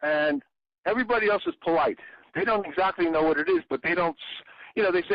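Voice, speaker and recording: A man being interviewed, an exhibit designer who tells lively anecdotes and acts out the people he quotes. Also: sits high, fairly quick, no room sound. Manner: animated storyteller, acts out quotes. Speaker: interview guest. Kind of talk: casual interview. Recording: dry, muffled audio.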